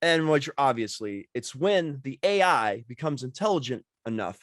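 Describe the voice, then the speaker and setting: A man's voice: medium pitch, animated, normal speed, fairly bright tone, no echo, studio quality. A man speaking as a podcast guest in casual chat, rambling and leaning on filler words.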